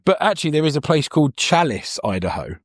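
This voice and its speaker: A man's voice: a little high, very animated, fast. Rambling British man on a podcast. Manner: rambling, restarts sentences often. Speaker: podcast co-host. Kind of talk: casual chat.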